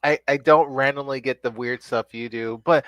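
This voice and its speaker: A man's voice: mid-range voice, fairly even intonation, normal speed, fairly bright tone, no room sound, muffled recording. A man co-hosting a casual podcast chat, telling stories in a laid-back way with quoted asides. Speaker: podcast co-host.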